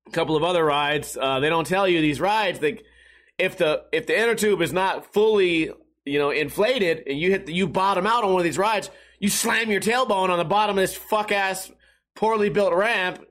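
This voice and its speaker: A young male vlogger tells a rambling, profane story to camera for his viewers, often chuckling at his own jokes. His voice sits high and a bit bright, moving at a normal speed.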